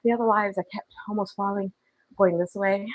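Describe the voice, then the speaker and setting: This woman is a fitness vlogger livestreaming from home as she walks on a treadmill, a bit breathless while she reads and replies to the chat. She talks a little fast in a mid-range voice with fairly even intonation, and the recording is low quality.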